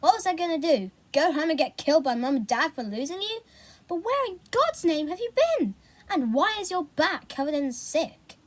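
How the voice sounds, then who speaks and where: A woman's voice: high voice, big pitch swings, normal speed. A woman reading aloud, voicing an exasperated, bossy teenage big sister.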